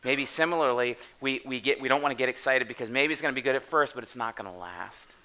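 A man in his thirties preaching a sermon in a casual, animated way, asking the listeners questions as he goes. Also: medium pitch, quick pace, poor audio. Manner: conversational, animated, talks straight to the listeners with questions. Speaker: pastor.

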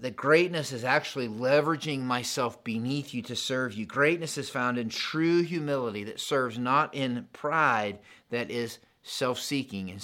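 A pastor with a mid-range male voice preaches a sermon. His delivery is animated and conversational, built around contrasts.

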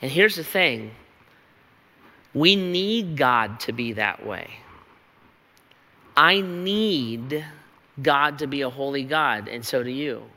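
A man's voice: medium pitch, lively intonation, slow pace, pauses often, sharp tone, big-room sound. A man pastor preaching a sermon in a church, with an emphatic, repetitive rhetorical cadence.

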